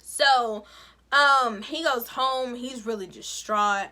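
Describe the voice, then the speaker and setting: Sassy, bright-voiced woman recapping a show. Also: a little high, slow pace. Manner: sassy, expressive storytelling with playful asides. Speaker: recap vlogger. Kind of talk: animated show recap with commentary.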